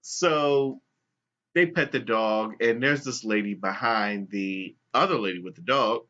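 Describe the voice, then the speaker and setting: With a voice on the low side and a measured pace, this podcast co-host retells a story in crude, casual chat. He brings the characters to life by quoting them in animated voices, and the audio sounds dull and lo-fi.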